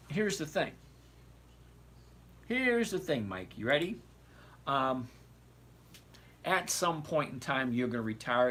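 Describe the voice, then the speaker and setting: A man's voice: mid-range voice, fairly bright tone, slight background noise. A man in his sixties hosting a casual livestream, rambling and digressive as he answers viewers by name. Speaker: trading livestream host.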